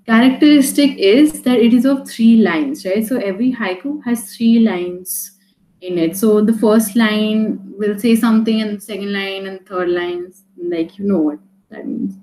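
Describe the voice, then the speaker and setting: A woman's voice: medium pitch, measured pace, mellow, reverberant, poor audio. A woman teaching a live online poetry class, talking casually with many fillers and restarts, often checking in with "right?".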